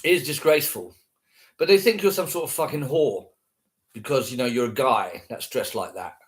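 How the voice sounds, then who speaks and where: A man's voice: mid-range voice, moderate pace. A man ranting casually to camera, scornful and heavily profane, repeating himself.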